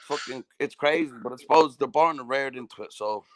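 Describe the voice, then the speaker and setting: A man's voice: mid-range voice, a little fast, a bit bright. A southern Irish man telling a story in casual chat, swearing freely and constantly checking "do you know what I mean". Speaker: podcast host.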